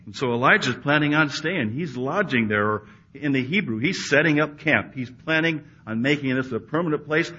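Husky, bright-toned male preacher. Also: fairly high pitch, moderate pace. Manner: swings between loud emphatic peaks and hushed quiet asides. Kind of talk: sermon. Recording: dull lo-fi recording.

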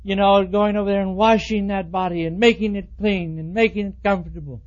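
A man's voice: steady tone, a little fast. A man preaching a sermon in a folksy way, now and then acting out quoted voices. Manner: folksy, acts out quoted voices with rising pitch. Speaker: pastor. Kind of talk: expository sermon. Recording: dull lo-fi sermon recording.

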